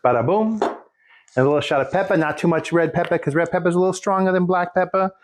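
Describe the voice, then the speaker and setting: A man's voice: high-pitched, quick pace. Folksy joking home cook, man. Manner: folksy, joking asides, rambling. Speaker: home cook showing a recipe. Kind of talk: casual cooking demonstration. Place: home kitchen.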